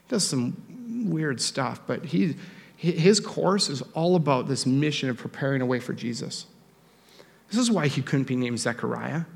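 A young man preaching a sermon as pastor, animated and joking in a conversational way. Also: fairly high pitch, gravelly. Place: church sanctuary. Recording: long reverb of a church hall.

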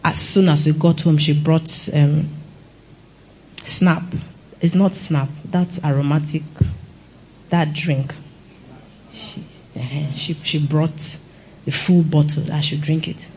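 A woman's voice: sits low, steady tone, takes it slowly, pauses often, warm tone, slight background noise, rough recording. A young woman giving a personal testimony, telling her story earnestly and acting out what others said. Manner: earnest storytelling with acted quotes. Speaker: testimony speaker.

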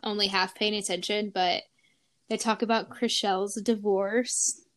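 A woman's voice: medium pitch, steady tone, a little slow. A young woman co-hosting a podcast, chatting casually in a bubbly, giggly way full of fillers. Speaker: podcast co-host. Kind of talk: casual chat.

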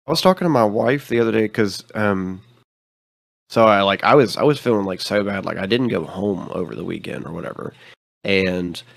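A man under the weather talks in a low, gravelly voice on a podcast, casual and profane, joking around. His illness pulls his voice deeper than usual, and the sound is dry and close to the mic. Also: moderate pace, no echo. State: sick with a cold. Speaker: podcast co-host. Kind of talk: casual chat.

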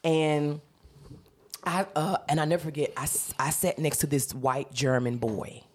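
Woman comedian guest, husky, animated storyteller, casual and profane. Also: low-pitched, measured pace. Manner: animated, laughing, swears freely.

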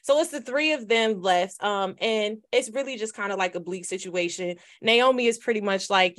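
A woman's voice: medium pitch, moderate pace, few pauses. A woman co-hosting a casual faith podcast, retelling a Bible story in a chatty way and laughing now and then. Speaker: podcast co-host.

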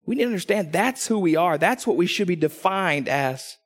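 A man with a high voice preaches from a church stage, telling stories and acting out the people in them. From Texas, he slips into voices for quotes. The sound carries with a long hall reverb. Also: brisk. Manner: animated storytelling, acting out quotes. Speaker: pastor. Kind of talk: sermon.

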